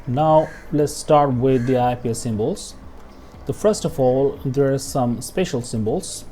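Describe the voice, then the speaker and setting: Slow, mellow-voiced man teaching pronunciation. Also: medium pitch, a little hiss or hum. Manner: slow, repeats example words, frequent "okay?" checks. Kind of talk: screen-share lesson walkthrough.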